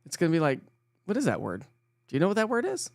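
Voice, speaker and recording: A man's voice: high-pitched, huge pitch swings, quick pace, creaky, no echo, studio quality. A man hosting a casual morning weather live stream, chatting with viewers, joking at himself and laughing often. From Colorado. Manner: chatty, self-mocking, laughs often, stumbles over words.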